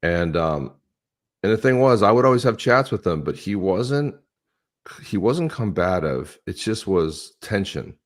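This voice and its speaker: A man's voice: low voice, lively intonation, a little slow. A man co-hosting a podcast, chatting casually and telling stories, acting out the dialogue he quotes. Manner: storytelling, acts out quoted dialogue. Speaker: podcast co-host. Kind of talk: casual political chat.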